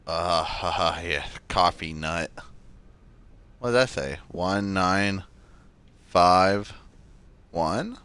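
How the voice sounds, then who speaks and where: Slow, bright-toned male streamer. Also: sits low, smooth. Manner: muttering to himself, drifting between mumbles and sudden outbursts, swears. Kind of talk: gameplay commentary.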